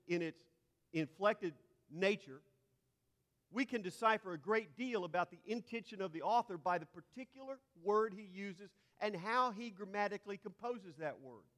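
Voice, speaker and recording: A man's voice: high-pitched, fairly bright tone. A man preaching a teaching sermon, often repeating and restarting words before climbing to emphatic peaks. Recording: long hall reverb.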